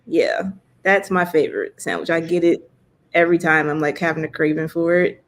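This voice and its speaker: A woman's voice: deep voice, fairly even intonation, normal speed. A woman guest in a casual interview, talking chattily with lots of filler words.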